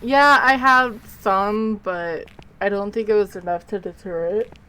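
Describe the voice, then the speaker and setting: A woman's voice: mid-range voice, a little slow, pushed and bright, clean tone, low-quality recording. A woman streamer talking casually to her viewers while she plays, rambling and sleepy, yawning between remarks. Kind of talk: casual live gameplay commentary.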